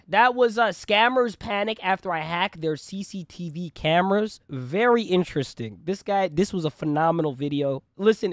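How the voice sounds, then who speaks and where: A man's voice: high-pitched, no room sound, studio quality. Slangy young man reacting to a video. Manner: slangy, animated, swears often. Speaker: reaction channel host. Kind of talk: casual reaction commentary.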